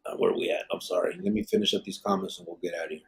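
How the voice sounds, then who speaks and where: This man's deep, creaky voice swoops wildly in pitch, sounds a bit bright, and races along very fast. He is a former gang member from Arizona, USA, bluntly and emphatically hosting a live podcast, swearing freely as he reads viewer comments.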